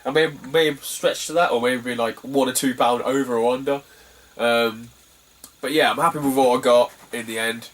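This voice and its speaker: A man's voice: mid-range voice, steady tone, moderate pace, recorded from a distance. A young British man chatting casually about his game finds, rambling and laughing often. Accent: British English. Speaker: retro game collector vlogger. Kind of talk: casual chat.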